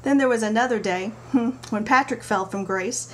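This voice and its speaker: A middle-aged woman talks straight into her camera, bright and animated as she tells stories with playful asides. Her voice sits a little high, and a faint hiss of background noise runs under it. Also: normal speed. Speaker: parenting vlogger. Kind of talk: casual talk to camera.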